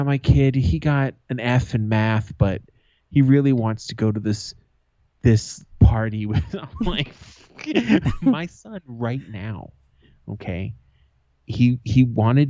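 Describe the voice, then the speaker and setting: Laughing, swearing storyteller with a dull sound. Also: male voice, mid-range voice, mellow, no echo. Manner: swearing, laughing storyteller who acts out family quotes. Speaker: podcast co-host. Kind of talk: casual chat.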